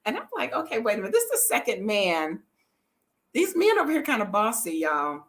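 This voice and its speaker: A middle-aged woman, chatting to viewers in a lively storytelling vlog and laughing often. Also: medium pitch, fairly quick. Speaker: travel vlogger.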